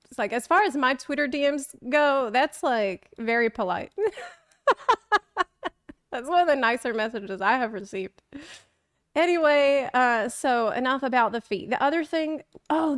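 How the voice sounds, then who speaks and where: A young woman streamer rambles through self-deprecating stories in a relaxed live chat, laughing often. Her voice is slightly high, smooth and clear, and she takes her time. The sound is dry and close. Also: no echo. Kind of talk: casual chat.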